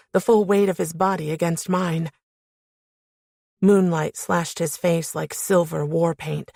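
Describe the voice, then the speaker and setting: Low, gravelly woman narrating an audiobook. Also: no room sound, clean studio sound. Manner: steady, intimate storytelling. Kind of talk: first-person romance novel narration.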